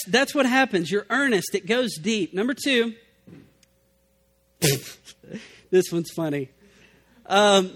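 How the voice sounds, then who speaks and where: A man's voice: very high-pitched, fairly bright tone. A middle-aged man preaching a sermon as pastor in a conversational way, acting out people's excuses. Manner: conversational, acts out quoted excuses.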